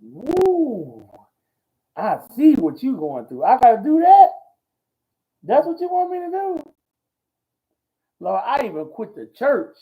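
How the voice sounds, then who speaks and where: A man hosting a ministry talk show, talking in a folksy, preachy way, repeating himself and whooping with excitement. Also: very high voice, slow, long pauses. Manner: exclamatory and repetitive, whooping with excitement. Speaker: host. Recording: dull lo-fi audio.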